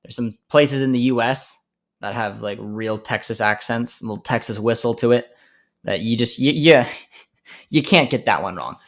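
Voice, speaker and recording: A man's voice: medium pitch, moderate pace. A young man from Canada hosting a casual live stream, reading viewer comments aloud and answering them with frequent laughs. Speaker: host.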